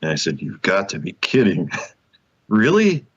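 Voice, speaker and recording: A man with a very low voice tells a personal story as an interview guest. He is animated, acts out what people said, and laughs often. The sound is muffled and lo-fi. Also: a little fast, slightly rough. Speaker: guest author.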